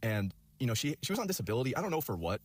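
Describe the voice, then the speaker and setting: A man's voice: medium pitch, very animated, very fast, no room sound. A young man telling a personal story in a casual, rambling way, heavy on fillers and profanity. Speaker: storyteller in a video clip.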